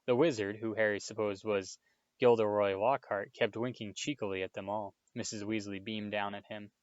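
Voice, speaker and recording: Male reader, steady storybook narration, low pitch, dull sound. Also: normal speed, dry recording. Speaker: audiobook reader.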